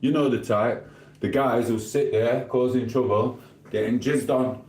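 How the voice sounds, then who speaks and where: A man from Sheffield, England, with a Sheffield accent, livestreams from his home living room, reading out viewer comments and answering them in a cheeky, rambling way. His mid-range voice is unhurried, a little mellow and fairly even in intonation, with an echoey room sound.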